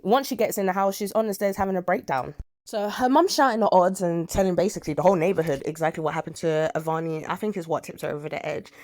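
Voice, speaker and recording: A woman's voice: on the low side, quick pace, a little mellow. A woman reviewing a soap opera episode in a casual, rambling recap. She speaks frankly, with blunt asides and quoted dialogue from the scenes.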